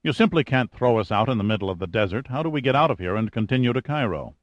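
A man's voice: medium pitch, lively intonation, fast, no room sound, muffled recording, close to an everyday voice. A man voicing a big, proud and stubborn male scientist who speaks in a demanding, indignant way.

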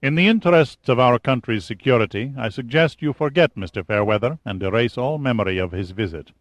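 A man's voice: mid-range voice, lively intonation, no echo, natural voice. A man reading as a cold, pompous general. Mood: cold measured. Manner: measured, cold, clipped. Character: cold, pompous middle-aged male military general. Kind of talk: audiobook character reading.

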